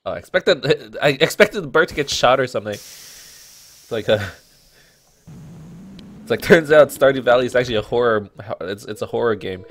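A man's voice: medium pitch, animated, moderate pace, long pauses, fairly bright tone, soft background music. A man casually commenting on a farming game, joking and laughing often as he plays. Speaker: gaming channel host. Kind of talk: let's play commentary.

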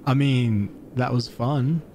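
A man giving casual, excitable commentary while playing a game, with panicky outbursts and self-mocking asides. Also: mid-range voice, slow pace, slight background noise. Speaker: gaming let's-play host.

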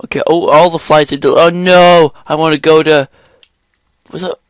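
A young man commentating a game he is playing, excitable, exclaiming and swearing often. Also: fairly high pitch, moderate pace, clear, resonant tone, no echo. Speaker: gaming channel host. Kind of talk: let's play commentary.

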